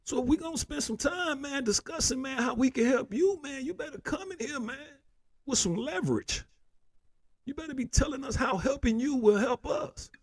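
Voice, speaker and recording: A man's voice: extremely high pitch, expressive, moderate pace, no room sound. A man hosting a political commentary show, ranting heatedly with constant profanity and repeated "man".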